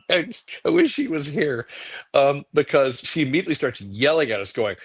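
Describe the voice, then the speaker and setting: Middle-aged guy telling stories on a livecast, animated, does little voices for people. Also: fairly high pitch, normal speed, slightly rough. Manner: animated anecdotes, acting out quotes. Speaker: guest comic artist. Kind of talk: casual storytelling on a livecast.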